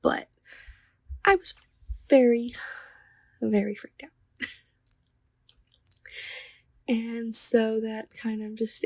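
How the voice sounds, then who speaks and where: Young woman artist vlogger, slow and dry-voiced, casual storyteller who laughs and whispers. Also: a little high, no echo. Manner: chatty, laughing, drops to whispers. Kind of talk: casual storytelling while sketching.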